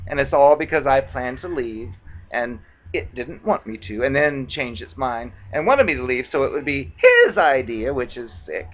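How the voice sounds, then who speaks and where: Animated man telling a story, lo-fi. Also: medium pitch, moderate pace. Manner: animated, acts out quoted voices dramatically. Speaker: video blogger. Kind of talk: casual storytelling monologue. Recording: dull lo-fi recording.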